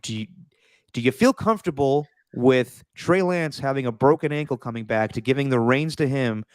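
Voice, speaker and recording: A man's voice: mid-range voice, moderate pace, smooth, no echo, studio quality. A man co-hosting a casual sports talk podcast, earnest and emphatic, repeating words when worked up. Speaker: podcast co-host.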